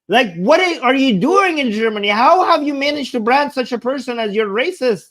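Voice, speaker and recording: Sarcastic, incredulous male host in casual reaction commentary, pitched high. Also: lively intonation, fairly quick, few pauses, a bit bright. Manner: sarcastic, incredulous, repeats himself. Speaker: channel host.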